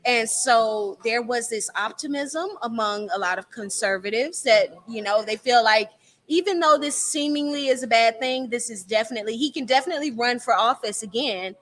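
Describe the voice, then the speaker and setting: A woman with a bright, ringing voice hosts a live talk show. She banters playfully and keeps the chat moving. Her voice sits a little on the high side. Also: moderate pace. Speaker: host. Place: cafe market.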